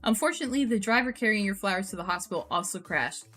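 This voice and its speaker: A woman streamer reacting to posts and telling stories in an animated, profane, ranting way. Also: mid-range voice, quick pace, faint music behind. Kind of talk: casual storytelling stream.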